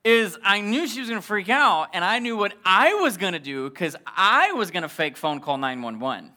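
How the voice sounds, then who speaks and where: A male pastor telling a comic story in a sermon, animated and acting out the dialogue. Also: high voice, moderate pace.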